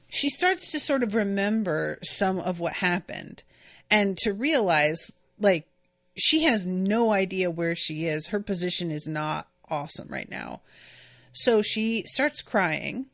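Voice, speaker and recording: Unhurried woman podcast host recapping an episode. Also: medium pitch, animated, a bit bright, no room sound, studio quality. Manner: exasperated, chatty, with frequent filler words. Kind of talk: casual episode recap and commentary.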